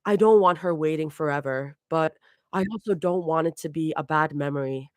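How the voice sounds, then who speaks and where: A woman's voice: deep voice, moderate pace, dry recording, clean studio sound, lightly acted. A woman reading a fan story aloud, voicing an exasperated, snarky young woman.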